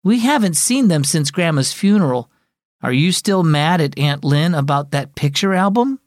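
A man's voice: fairly high pitch, animated, normal speed, dry recording, studio quality, lightly acted. A man voicing a sulky, jealous schoolgirl in a children's story, with a pouting, sarcastic manner. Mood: upset.

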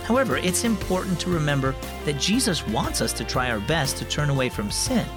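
A man's voice: on the high side, big pitch swings, fairly quick, music in the background. Earnest man hosting a kids' devotional. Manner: friendly, earnest storyteller. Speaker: host of a children's devotional. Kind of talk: scripted narration.

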